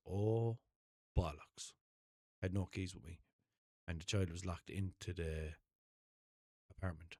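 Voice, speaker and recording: A man's voice: fairly low pitch, darkish tone, no room sound, studio quality. A man with an Irish accent, hosting a podcast, telling a rambling story with swearing and self-corrections. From Ireland. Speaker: podcast host. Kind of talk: casual storytelling.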